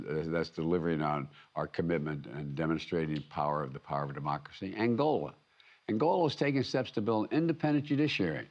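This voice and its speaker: An older American man delivering a formal prepared speech as head of state, emphatic and measured, often restarting and repeating words. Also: fairly low pitch, darkish tone, highs cut off. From United States. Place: conference venue.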